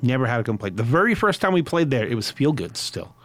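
A man hosting a casual chat, enthusiastic and full of "dude", getting animated when he quotes himself. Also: medium pitch, fast talker.

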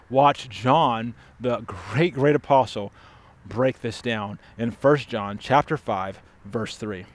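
A man preaching a sermon as pastor, emphatic and urgent, dropping to hushed stress on key words. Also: mid-range voice. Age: adult father.

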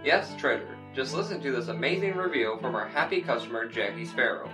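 Man, comic radio ad, upbeat sales pitch, far from mic, guitar music. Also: animated, a little fast.

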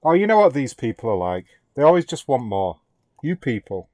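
A man's voice: medium pitch, sing-song, fairly quick, a little mellow, no echo, clean studio sound, lightly acted. A man voicing a rude, foul-mouthed male customer service rep with a British accent on a prank call. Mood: ranting. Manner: hostile, swears and insults.

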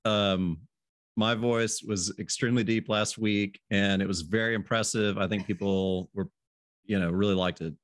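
A man with a lowish voice hosts a relaxed podcast conversation. He is easygoing and chuckles often. The sound is dry and close, with no room echo. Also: moderate pace. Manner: easygoing, laughs often, restarts phrases. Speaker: podcast host. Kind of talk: casual podcast chat.

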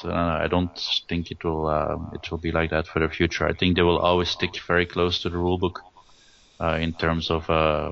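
Very deep, flat-voiced man, hesitant. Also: gravelly. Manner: hesitant, many restarts and fillers. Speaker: guest, tournament rules writer. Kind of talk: casual interview over a call. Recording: dull lo-fi audio.

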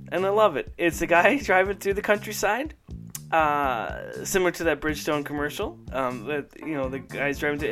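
A man co-hosting a casual podcast chat, rambling excitedly and laughing often as he talks. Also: fairly high pitch. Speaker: podcast co-host. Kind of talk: casual chat about old commercials.

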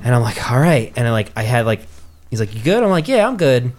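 A young man from New telling a story in casual chat, swearing freely and acting out quotes in a higher, louder voice. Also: expressive, fast talker. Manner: swears freely, acts out quotes with rising pitch.

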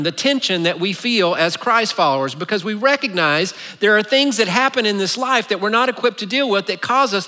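Pastor guy chatting through a sermon, earnest w/ wry asides, bright ringing voice, echoey church hall. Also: high voice. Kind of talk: conversational sermon.

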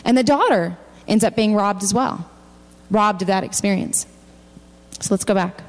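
A woman addresses a church from a large hall, her normal-paced voice carrying that big-room sound. Reading scripture aloud during her sermon, she gives the characters their own voices, pitching them higher.

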